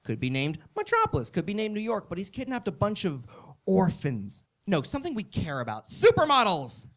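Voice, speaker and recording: A man performing a comedy monologue with lots of energy. His voice sits slightly high and swings widely in pitch. He often builds his lines up to shouts. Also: brisk. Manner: animated, excitable, building to shouts.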